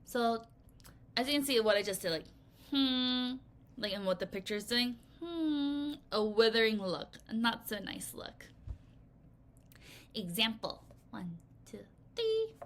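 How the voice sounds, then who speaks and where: Animated woman teaching vocabulary to kids. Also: on the high side, a little slow. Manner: lively, expressive, playful asides and counting in the class to read aloud. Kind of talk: recorded vocabulary lesson for children.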